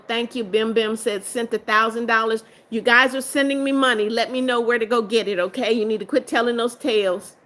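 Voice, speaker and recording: A woman hosting a live stream, reading viewer comments aloud and answering them, firm and quick to block trolls. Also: on the high side, fairly bright tone. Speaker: livestream host.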